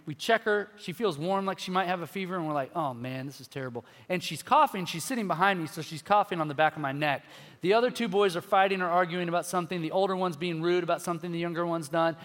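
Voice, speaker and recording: A man preaching a sermon, telling a personal story in an animated, self-deprecating way. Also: sits high, big-room sound. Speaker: pastor.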